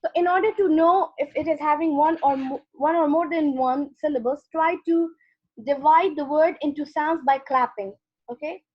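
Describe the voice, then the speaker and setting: A woman with a high voice teaches grammar over an online class, talking her students patiently through each step. Her sound is dull and lo-fi, as from a computer mic on a call. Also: moderate pace. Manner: patient, explains step by step with repeated "okay".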